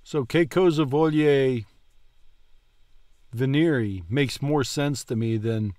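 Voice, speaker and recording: A man thinking aloud over a language lesson, talking slowly and hesitantly. His voice is close and dry, with no room sound around it. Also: mid-range voice, darkish tone, no room sound. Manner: thoughtful, musing aloud, hesitant. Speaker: language learner vlogger. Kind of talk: casual commentary.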